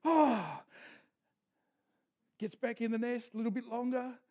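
A man's voice: very high voice, little pitch movement, fast talker, mellow. A man preaching a sermon as pastor, telling stories in a folksy manner with asides. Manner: storytelling with folksy asides and restarts.

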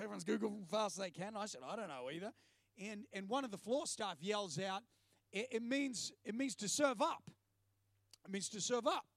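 High-pitched gravelly preacher. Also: male voice, no room sound. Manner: storytelling, animated, jokey asides. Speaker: preacher and TV presenter. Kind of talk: sermon.

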